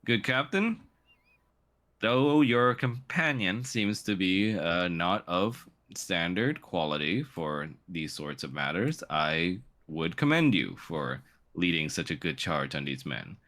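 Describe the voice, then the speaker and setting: A man's voice: low voice, sing-song, slow, fairly bright tone, heavily acted. A man voicing a pompous, fussily polite male noble who speaks in stuffy formal phrases. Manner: stuffy, overly formal, stammering niceties.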